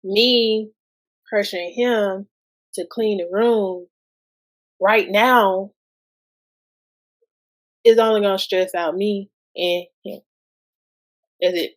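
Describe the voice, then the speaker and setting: Woman, 30s, slow unhurried delivery, conversational podcast talk, rhetorical questions. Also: mid-range voice. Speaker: guest podcast host. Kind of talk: casual parenting talk.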